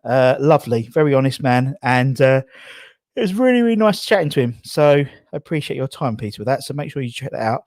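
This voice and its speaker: Male stream host from England, out of breath, chatty and rambling, mid pitch, dry mic. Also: very animated, a little fast, darkish tone, no room sound. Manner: rambling, chatty, reads out viewer comments. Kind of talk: casual live stream chat. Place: garage.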